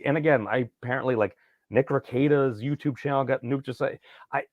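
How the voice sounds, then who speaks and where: A man hosting a casual podcast, rambling and jokey with a creaky voice. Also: medium pitch, a little fast, no echo, muffled recording. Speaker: podcast host.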